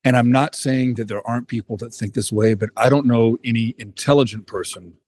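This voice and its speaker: A man hosting a podcast interview, speaking in a measured way as he steers the conversation. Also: mid-range voice, steady tone, darkish tone. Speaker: podcast host.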